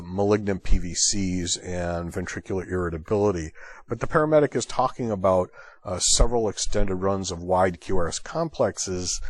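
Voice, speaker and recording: A man's voice: low voice, no room sound. A man hosting an EMS training lecture, explaining a call in a conversational way. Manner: conversational, thinking aloud with fillers. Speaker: EMS instructor and host.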